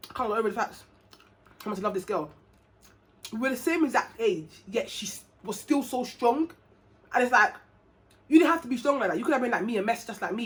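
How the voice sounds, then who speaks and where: A young woman from England, telling a personal story to camera in a casual, chatty vlog, acting out the dialogue. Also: a little high. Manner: chatty, animated, acts out quoted dialogue. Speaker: vlogger.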